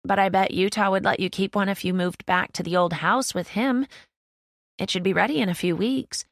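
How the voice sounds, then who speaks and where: A woman's voice: medium pitch, steady tone, normal speed, no room sound, clean studio sound, close to an everyday voice. A woman voicing a knowing teenage sister who talks in a coaxing way.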